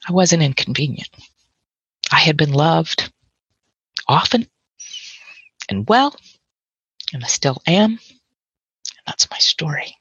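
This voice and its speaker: A woman with a low, husky voice and a gravelly edge tells a personal story. She is reflective and wry, and she savors long lyrical lists. The recording is dry and somewhat muffled. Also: expressive, slow, pauses often, a bit bright, dry recording.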